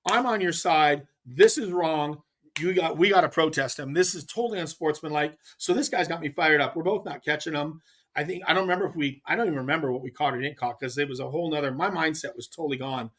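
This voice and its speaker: Male guest storyteller, rambling, animated, acts out dialogue, voice sits high. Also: fast talker. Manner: rambling with restarts. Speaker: podcast guest, pro angler. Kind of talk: casual storytelling.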